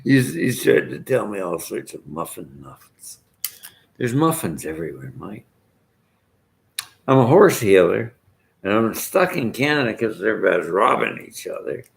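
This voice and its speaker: A man's voice: on the low side, sing-song, normal speed, gravelly. An older man with an Irish accent, rambling through an abrasive, jokey rant to his followers. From Ireland. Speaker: vlogger.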